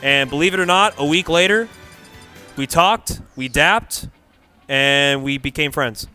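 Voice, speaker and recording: Animated slangy young male commentator. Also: a little high, unhurried. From California Bay Area. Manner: animated, slangy, laughing storyteller. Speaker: tournament commentator. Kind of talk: casual storytelling commentary. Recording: faint music behind.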